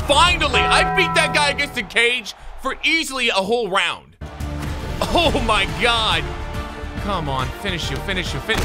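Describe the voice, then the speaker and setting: A young man commenting on his own gameplay, excitable and joking, tired from a long session. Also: high voice. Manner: excitable, yelling at the game, crude jokes. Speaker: gaming YouTuber. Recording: loud game music behind.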